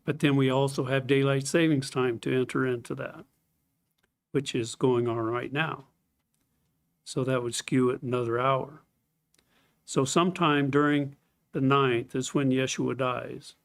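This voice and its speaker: A man's voice: medium pitch, fairly even intonation, unhurried, long pauses. Methodical man giving a Bible study. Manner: methodical, explanatory, reads scripture aloud, clears throat often. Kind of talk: scripted Bible study lecture.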